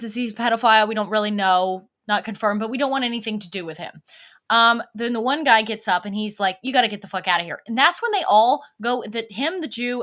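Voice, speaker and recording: A woman's voice: on the high side, a bit bright. A woman hosting a livestream, talking in a blunt, profane, rambling way as she tells stories casually to her viewers. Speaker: livestream host.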